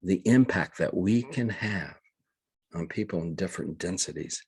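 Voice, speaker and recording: An older man speaks in a low, husky voice. He tells his story earnestly and in halting bursts, often restarting his phrases. The sound is dry and close, with no room echo. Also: expressive, darkish tone. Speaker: guest, reverend. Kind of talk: conversational storytelling.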